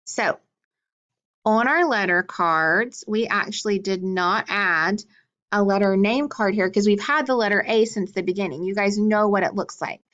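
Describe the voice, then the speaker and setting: A woman teaching a phonics lesson to young children, sounding out words clearly and praising answers. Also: mid-range voice, normal speed, a bit bright, lo-fi sound.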